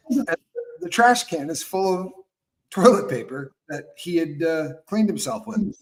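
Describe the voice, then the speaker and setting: Brief: male talk-show host, a touch high-pitched, chatty storyteller who acts out quotes and restarts often. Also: lively intonation, a little fast. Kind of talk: casual live talk show chat.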